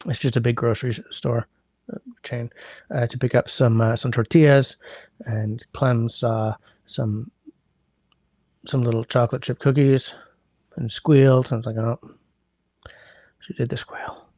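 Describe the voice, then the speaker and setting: A man's voice: mid-range voice, steady tone, normal speed, long pauses, warm tone, no echo. A man hosting a casual livestream from home, rambling, greeting viewers by name and humming while he scrolls, his sinuses congested. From Canada. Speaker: livestream host. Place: indoors at home.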